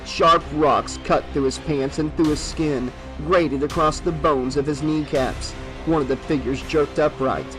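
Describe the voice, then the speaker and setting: A man giving a steady, measured audiobook narration of a horror novel. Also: on the high side, music in the background, low-quality recording.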